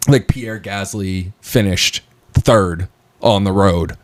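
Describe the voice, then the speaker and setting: A man's voice: low-pitched, slow pace, no echo. A man co-hosting a podcast from his home basement, chatting casually and rambling with lots of fillers. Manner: rambling, filler-heavy storytelling. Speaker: podcast co-host. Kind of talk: casual chat.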